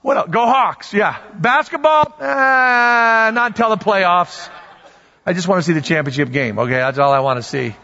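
A man preaching a sermon in a lively, conversational way, repeating words for emphasis and bantering with the congregation. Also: high-pitched, moderate pace. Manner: animated, conversational preaching with repetitions and asides to the congregation. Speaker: pastor. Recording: dull sound with long hall reverb.

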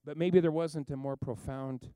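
A man preaching a sermon, telling a story with lively asides and acting out the people in it. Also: fairly high pitch, normal speed, smooth, dry recording. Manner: animated storytelling, acts out characters, rambling asides. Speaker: pastor.

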